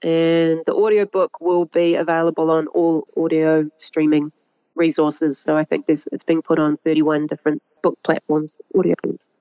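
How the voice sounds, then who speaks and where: A middle-aged woman with a New Zealand accent, a guest who talks about her work in a lively, chatty way and laughs often. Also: low-pitched, normal speed, dry recording, highs cut off. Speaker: guest, agroecologist and author. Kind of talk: conversational interview.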